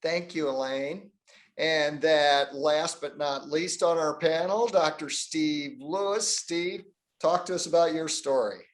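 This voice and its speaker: Slightly higher-voiced man moderating. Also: slow pace. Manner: brief, polite introductions. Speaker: panel moderator. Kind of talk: moderating a panel.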